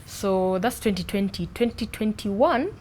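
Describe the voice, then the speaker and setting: A young woman, answering interview questions in an animated, expressive way about her life and podcast. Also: mid-range voice, a little slow, slight background noise. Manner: animated, expressive, playful with accents. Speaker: podcast host being interviewed. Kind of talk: casual interview chat.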